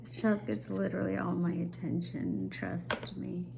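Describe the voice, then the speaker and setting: A woman vlogger talking casually about managing difficult people, calm and rambling with mocking asides. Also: lowish voice, a little slow, gravelly, background noise. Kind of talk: casual spiritual advice monologue.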